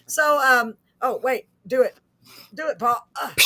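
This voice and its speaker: Bright-voiced woman hosting a live chat. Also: fairly high pitch, measured pace. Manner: chatty and effusive, laughs often. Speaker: host of a live online show. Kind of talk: casual live-stream chat. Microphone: video call.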